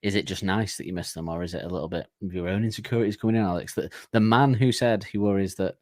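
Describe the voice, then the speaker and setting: A man's voice: low-pitched, steady tone, fast talker, a little mellow, no echo, studio quality. A man co-hosting a casual music podcast, rambling through his thoughts with plenty of laughs and restarts. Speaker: podcast co-host. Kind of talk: casual chat.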